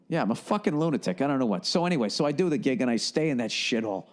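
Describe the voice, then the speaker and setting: A man's voice: medium pitch, expressive, racing, hardly any pauses. A man in his forties with a Boston accent, hosting a podcast and telling a long, profane, rambling story in a blunt, casual way. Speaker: podcast host.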